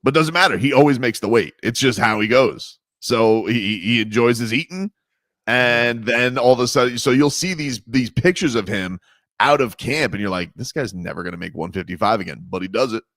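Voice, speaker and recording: A man's voice: medium pitch, moderate pace, a bit bright, no room sound. A man hosting sports talk radio, joking around in a casual, rambling way. His voice sits in the middle range and is picked up close in a dead-dry studio. He fills his talk with "like" and "you know". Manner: loose, joking, lots of fillers.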